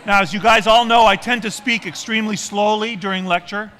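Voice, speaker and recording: A male professor giving a university lecture to a class, talking quickly and informally with frequent ums and uhs. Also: high voice, steady tone, bright, forceful tone, a little hiss or hum. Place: lecture hall.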